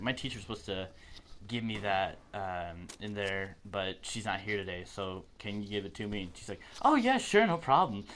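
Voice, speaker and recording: A man's voice: on the low side, a bit bright, a little hiss or hum. A teenage boy hosting a podcast, telling school stories in casual chat and acting out the voices of the people in them. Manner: storytelling, acts out quoted voices, laughs often. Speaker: podcast host.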